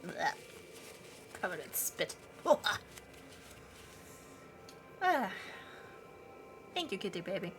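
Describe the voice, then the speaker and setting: A woman's voice: mid-range voice, very animated, very slow, pauses often, faint music behind. Chatty, giggly woman streamer. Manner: chatty and giggly, baby-talking to her cat. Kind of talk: casual chat with stream chat.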